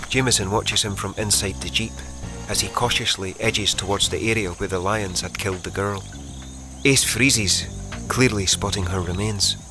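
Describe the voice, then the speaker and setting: A man reading a novel aloud as narrator in a measured, vivid storytelling manner. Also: lowish voice. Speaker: audiobook narrator. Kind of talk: scripted narration.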